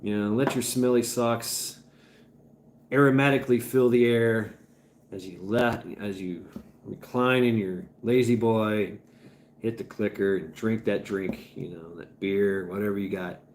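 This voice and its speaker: Slow, rambling man hosting a livestream. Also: on the low side, fairly even intonation, darkish tone, a little hiss or hum. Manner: rambling, stammering restarts, profane. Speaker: livestream host. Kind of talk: casual livestream chat, reading chat.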